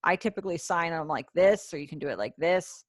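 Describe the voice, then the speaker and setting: Teaching sign language over a video call, this ASL teacher talks briskly in a lowish, expressive voice, cheering students on as she goes. She keeps up chatty asides to herself. It's a dry, clean studio recording.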